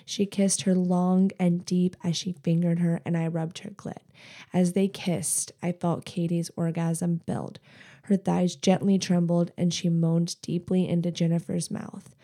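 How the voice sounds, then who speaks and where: A woman podcast host reading an erotic story aloud, with steady, intimate storytelling. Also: on the low side, measured pace.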